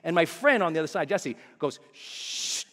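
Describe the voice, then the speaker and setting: A man's voice: on the high side, fast. A man giving a motivational keynote, telling a story with energy and acting out voices and screams. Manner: animated, acts out voices and screams. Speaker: motivational speaker. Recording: live hall reverb, faint noise.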